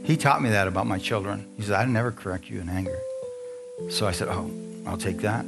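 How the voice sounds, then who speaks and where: Middle-aged pastor preaching over guitar. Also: male voice, on the low side, fast talker, gravelly. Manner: storytelling preacher, asks the congregation questions. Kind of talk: sermon. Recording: music playing under the voice. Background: guitar music.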